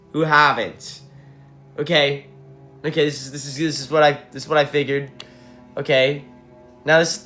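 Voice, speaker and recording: A young man, a band frontman, chatting casually with fans on a livestream, excitable and swearing, jumping from topic to topic. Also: a little high. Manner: excitable, swearing, hype-driven, jumps between topics. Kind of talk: casual livestream chat with viewers.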